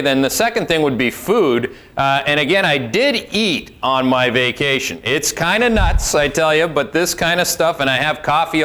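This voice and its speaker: A middle-aged man, a financial strategist, delivering brisk, sardonic morning market commentary. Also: medium pitch, sharp tone.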